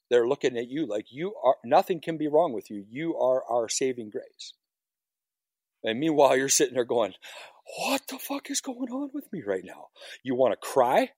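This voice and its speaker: A man's voice: medium pitch, a little mellow, husky, no echo. A firefighter being interviewed, telling his story in a raw, emotional way with frequent swearing. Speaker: firefighter guest. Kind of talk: personal story on a podcast.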